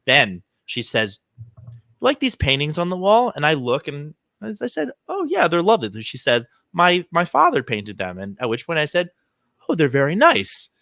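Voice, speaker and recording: A man's voice: fairly high pitch, normal speed, gravelly, dry recording, clean studio sound. A man co-hosting a podcast, chatting casually and acting out the people in his stories. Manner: animated storyteller, acts out quoted people. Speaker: podcast co-host. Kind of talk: casual chat, storytelling.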